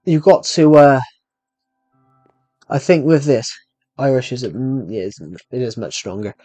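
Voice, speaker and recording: A man's voice: medium pitch, expressive, unhurried, mellow, dry recording, soft background music. Young British male streamer, mid-range voice, dry close sound, rambling and self-deprecating chat over gameplay. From Britain. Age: young adult. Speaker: gaming streamer. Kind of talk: casual gameplay commentary with live chat. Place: room at home.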